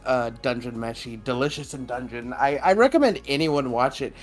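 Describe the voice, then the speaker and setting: A man's voice: medium pitch, lively intonation, moderate pace. Rambling, laughing podcast guy. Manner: rambling, laughs often, swears casually. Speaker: podcast co-host. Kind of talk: casual chat.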